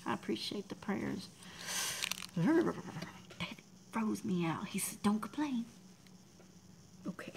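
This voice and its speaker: A woman, chatting casually on a livestream, emotional and soft, often dropping to a near whisper as she thanks viewers in chat. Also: medium pitch, animated, slow pace, vocal fry, long pauses, noisy background. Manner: emotional, talks softly, drops to near whispers. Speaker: livestream host.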